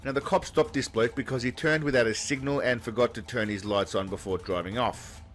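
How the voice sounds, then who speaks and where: Male comic narrator, mid-pitched, deadpan sarcasm, light music bed. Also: brisk. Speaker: comedy narrator. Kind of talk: mocking commentary voice-over.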